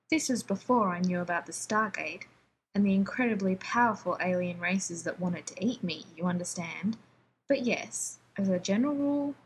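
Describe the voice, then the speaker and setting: A woman's voice: mid-range voice, a little hiss or hum, close to an everyday voice. A woman voicing an anxious, prickly male scientist who rambles sarcastically while defusing a bomb.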